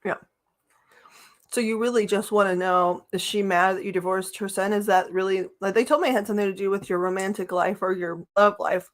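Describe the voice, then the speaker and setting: A woman's voice: mid-range voice, steady tone, fairly quick. Woman, mid-range voice, hiccuping; chatty, giggly live-stream card reader talking to viewers. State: has the hiccups. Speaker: tarot reader. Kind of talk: live-stream reading, casual chat.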